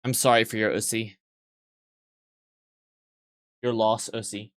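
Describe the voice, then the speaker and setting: A man's voice: fairly low pitch, flat delivery, takes it slowly, long pauses, no echo. A man live-streaming and joking crudely with his chat, sleep-deprived yet weirdly awake, in a playful teasing manner.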